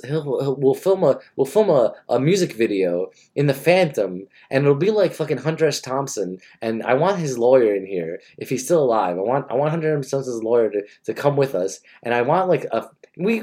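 A man's voice: medium pitch, a little mellow, breathy edge. A man talking in a crude, rambling monologue full of restarts.

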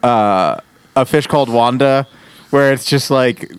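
A man's voice: medium pitch, measured pace, smooth. A man in casual podcast chat, wry and joking as he recaps a TV episode. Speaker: podcast co-host.

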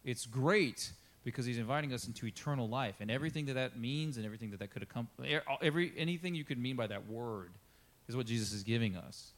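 A man preaching in a relaxed, chatty way, full of "you know" and "like." When he reads scripture, his voice climbs higher and gets louder, then drops back to easy talk. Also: fast talker. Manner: conversational preaching with fillers, rises when reading scripture. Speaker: pastor. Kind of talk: sermon.

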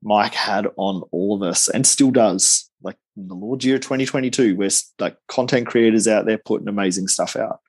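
A man with an Australian accent, a guest on a casual podcast, speaking at length in a warm, grateful, effusive way over a remote call. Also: fairly low pitch, normal speed, few pauses, slightly rough. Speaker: guest commentator.

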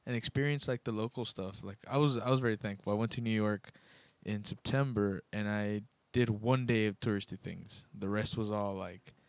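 A man with a low voice speaks in a relaxed, easygoing way, pausing to find his words. The sound is dry and close. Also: no room sound. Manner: relaxed, chatty, slightly halting. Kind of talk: casual podcast chat.

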